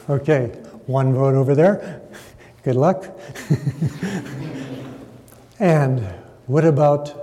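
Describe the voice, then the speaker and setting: A man's voice: medium pitch, warm tone. A man preaching a sermon, dramatically stressing words and polling the audience for a show of hands. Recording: echoey hall reverb.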